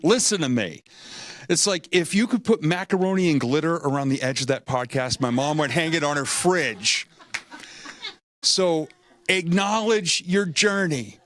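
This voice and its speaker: Middle-aged male motivational speaker, animated and self-deprecating, slightly high voice. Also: a little slow. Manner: energetic, animated storytelling with acted-out quotes. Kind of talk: motivational talk at a meetup.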